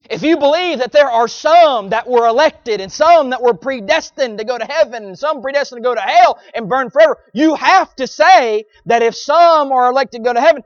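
A man's voice: very high voice, no echo. A man preaching a sermon in a folksy, emphatic style, with sarcastic asides to his congregation, on a dull lo-fi recording.

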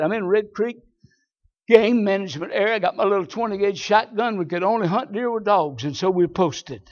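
A man with a Southern US accent preaching a sermon, telling folksy stories and swinging from low asides to shouted high points. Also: moderate pace. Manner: folksy storytelling. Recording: dull lo-fi sermon recording.

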